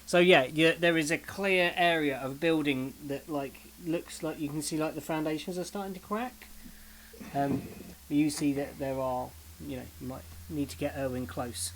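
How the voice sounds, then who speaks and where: A man running a tabletop game as dungeon master, describing scenes in a halting way with many fillers. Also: on the high side, steady tone, a little hiss or hum. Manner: halting, full of ums and likes. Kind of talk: casual game narration.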